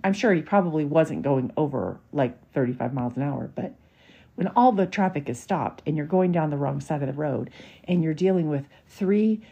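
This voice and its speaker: A woman's voice: deep voice, vocal fry, warm tone, husky. A woman, hosting a podcast and telling a personal story in a candid, emotional, chatty way. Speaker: podcast host. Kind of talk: casual storytelling monologue.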